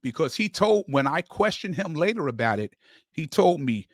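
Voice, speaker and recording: A man's voice: a little high, very animated, moderate pace, dry recording, studio quality. A man hosting a sports channel, talking in a casual, emphatic monologue with frequent stammering restarts and repeated words. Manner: emphatic storyteller, rising to heated emphasis. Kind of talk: casual fan commentary monologue.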